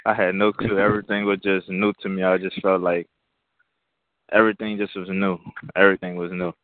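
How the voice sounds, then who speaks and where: A man's voice: sits low, little pitch movement, a little fast, no echo. A young male college football player answering interview questions hesitantly, in short plain sentences. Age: young adult. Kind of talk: phone interview. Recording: phone-line call.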